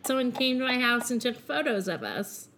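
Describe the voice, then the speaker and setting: Woman, podcast panelist, chatty, excited, high pitch. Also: moderate pace. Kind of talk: casual chat.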